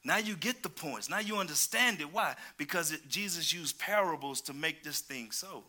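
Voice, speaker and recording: A male preacher delivering a sermon, calling out to the congregation and swinging between loud exclamations and hushed asides. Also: fairly high pitch, lively intonation, moderate pace. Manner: calls out to the congregation.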